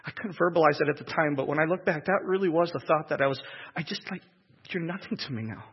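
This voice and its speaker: A man telling a personal testimony in an emotional, halting way, repeating words as he goes. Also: on the high side, slightly rough. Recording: echoey hall, dull lo-fi sound.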